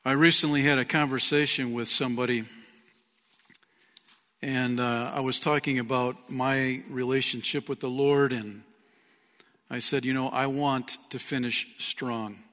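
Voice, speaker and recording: A man preaching in a church sanctuary, his bright, forceful voice ringing out with a long hall reverb. He is an earnest pastor who talks straight to his listeners and asks them questions. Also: mid-range voice, fairly even intonation, unhurried. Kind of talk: sermon.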